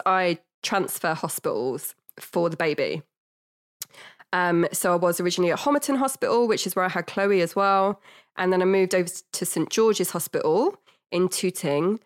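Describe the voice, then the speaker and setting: A woman with a northern English accent, talking as a podcast guest. She speaks candidly and rambles a little, swearing and laughing even about grim things. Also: fairly low pitch. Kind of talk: casual conversational interview.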